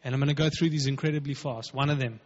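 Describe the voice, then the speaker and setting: A man's voice: mid-range voice, fairly even intonation, quick pace. A man preaching a sermon as pastor, emphatic and conversational, acting out quotes. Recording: dull, lo-fi with long hall reverb.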